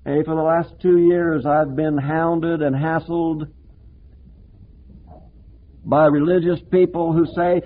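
A man preaching a sermon with passion, moving from emphatic declarations to hushed, low-spoken lines. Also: level tone, slow pace, pauses often. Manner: impassioned preaching, swinging between emphatic and hushed. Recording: tinny lo-fi phone-like recording.

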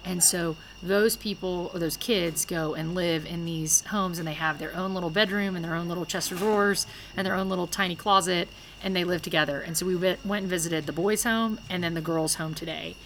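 Woman guest explaining stuff, bright slightly low voice, faint field noise. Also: fairly even intonation, a little fast, few pauses, rough recording. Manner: plain, explanatory. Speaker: sponsor and guest. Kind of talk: casual interview talk.

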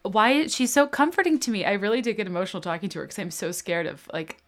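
A woman's voice: mid-range voice, fast. A woman hosting a podcast, chatty and self-deprecating, reading an ad in her own casual way. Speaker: podcast host. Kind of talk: podcast chat and host-read ad.

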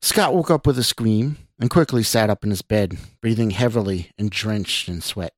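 A man, the podcast host, reading a horror story he wrote, in a measured, deliberate narration. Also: lowish voice, no echo, studio quality.

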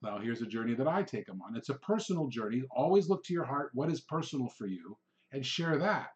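A man's voice: mid-range voice, very animated, fairly quick. A middle-aged man giving instructional sales advice in a conversational way, acting out short exchanges with customers. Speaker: real estate trainer, podcast host. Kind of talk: instructional talk.

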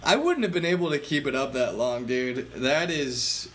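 A man hosting a casual podcast chat, reacting to his guest in a relaxed way. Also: medium pitch, normal speed. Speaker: podcast host.

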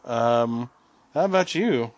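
A man who writes, chatting casually as a podcast guest, relaxed with many fillers and self-mocking jokes. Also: mid-range voice, slow, no room sound. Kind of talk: casual chat. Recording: dry, dull lo-fi sound.

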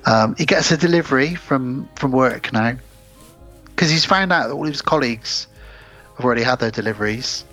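Animated and fairly bright, a man with a medium-pitched voice talks at normal speed while co-hosting a podcast. He casually walks through film scenes in detail, quoting characters often, and the slightly dull recording carries faint music.

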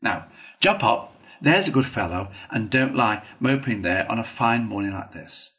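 A bright-spirited water rat , voiced by a male storyteller, speaks in a brisk, hearty manner. The lines are lively and friendly in tone, from a storybook reading. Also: fairly low pitch.

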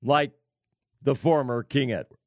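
A man preaching on prophecy, slow and emphatic, with sarcastic asides and wry laughs. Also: medium pitch, dry recording, studio quality. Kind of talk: prophecy sermon.

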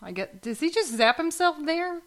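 A woman's voice: extremely high pitch, big pitch swings, normal speed, fairly bright tone. A woman co-hosting a casual podcast chat, laughing often and making wry jokes. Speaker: podcast co-host.

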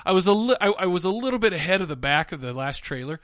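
Man, podcast co-host, casual rambling chat, bright, dry close mic. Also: sits high, animated, fast, no room sound. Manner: rambling storyteller, lots of restarts and laughter.

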